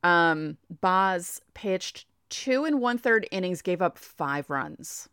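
A woman's voice: lowish voice, expressive, slow pace, a bit bright, smooth, no echo, studio quality. Chatty New York woman talking baseball stats. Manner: chatty, reads off stats, talks to herself. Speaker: baseball podcaster. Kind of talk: casual sports preview talk.

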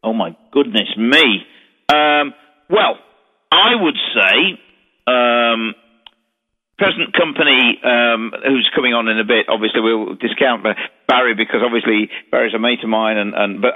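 A man's voice: mid-range voice, unhurried. An English man, a paranormal investigator, chatting as a radio guest in a rambling, storytelling way with many restarts. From England. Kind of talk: casual radio chat. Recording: tinny phone line with long reverb.

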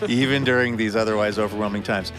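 Radio host over background music. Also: male voice, on the low side, steady tone, quick pace. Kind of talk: scripted radio hosting with sponsor reads.

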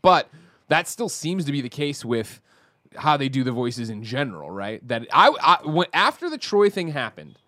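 A man co-hosting a podcast in casual chat, talking in an animated, rambling way and correcting himself mid-sentence. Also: mid-range voice, normal speed, dry recording, clean studio sound. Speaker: podcast co-host.

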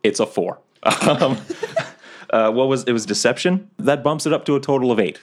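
A man playing a tabletop game, describing his character's actions in a playful, animated way. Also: medium pitch, moderate pace. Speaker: player.

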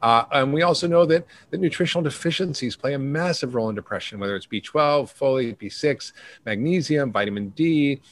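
A middle-aged man, a doctor and podcast guest, talking briskly and rattling off long lists. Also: medium pitch. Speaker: functional medicine doctor, guest. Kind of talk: podcast interview.

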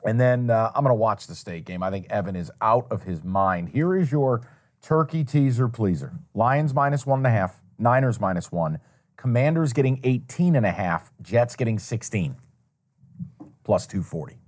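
A man's voice: medium pitch, lively intonation, normal speed, darkish tone. A man hosts a sports betting show in a casual back-and-forth. He rattles off his picks and teases his co-host with dry wisecracks. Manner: wisecracking, teasing. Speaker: podcast host.

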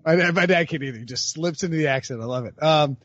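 A man's voice: a little high, fast talker, fairly bright tone, no echo, dull audio. A man co-hosting a casual sports podcast, rambling with lots of fillers and frequent laughs. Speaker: podcast co-host.

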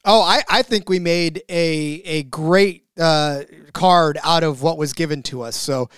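A man co-hosting a sports betting podcast, excitable as he reads out bet lists, stammering at times. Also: fairly high pitch, unhurried, clean tone, dry recording, studio quality. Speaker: podcast co-host. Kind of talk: casual sports betting chat.

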